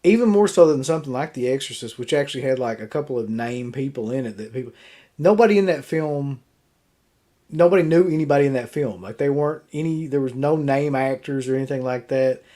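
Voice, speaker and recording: A man co-hosting a casual horror movie talk show, relaxed and opinionated, swearing casually as he weighs the list. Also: medium pitch, brisk. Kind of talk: casual chat reviewing a ranked list.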